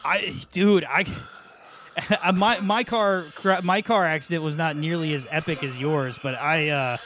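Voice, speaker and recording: A man's voice: fairly high pitch, a little slow, a bit bright, slight background noise. A man chatting casually over a video game, rambling, chuckling and calling his friend "dude". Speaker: let's play co-host. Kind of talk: casual gaming chat.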